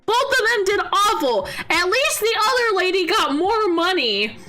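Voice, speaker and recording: A woman's voice: extremely high pitch, sing-song, a little slow, bright, forceful tone, soft background music. A young woman streaming a game, chatting casually and teasing her chat, often exasperated and laughing.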